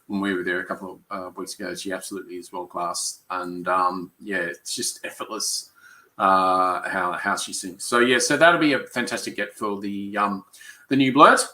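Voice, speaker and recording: A man's voice: deep voice, steady tone, normal speed, bright, forceful tone, low-quality recording. A man co-hosting a podcast in casual, rambling chat full of fillers. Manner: rambling, chatty, many fillers. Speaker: podcast co-host.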